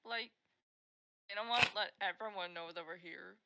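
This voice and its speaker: A woman's voice: medium pitch, moderate pace, heavy background noise, close to an everyday voice. A woman reading a naive young detective girl. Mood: hesitant. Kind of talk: reading game dialogue aloud.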